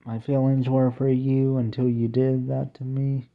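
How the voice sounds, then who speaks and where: A young man half sings, half speaks a homemade song, slow and plaintive, his melody mostly flat apart from long drawn-out cries. The sound is thin and tinny, like it was caught on a phone. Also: mid-range voice.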